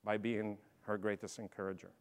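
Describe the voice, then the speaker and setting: A middle-aged man giving a motivational leadership talk, telling stories and swinging from quiet asides to loud, emphatic bursts. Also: fairly low pitch, level tone, a little fast, smooth. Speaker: speaker. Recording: long hall reverb.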